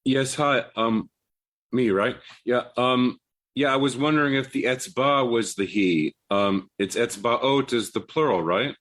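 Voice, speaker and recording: A man taking part in a Bible study class, a Torah reader who asks questions hesitantly, with many pauses. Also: mid-range voice, a bit bright.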